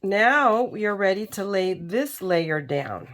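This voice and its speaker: A woman's voice: mid-range voice, expressive, takes it slowly, fairly bright tone. A middle-aged woman hosting a crafting video, chatting casually while she works and sounding tired. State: tired and yawning. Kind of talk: casual crafting tutorial chat.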